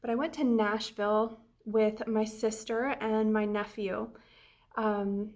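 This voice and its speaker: A woman's voice: on the high side, a little mellow. A young adult woman vlogging about a trip, chatty and emotional, with frequent ums and restarts. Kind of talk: casual travel vlog.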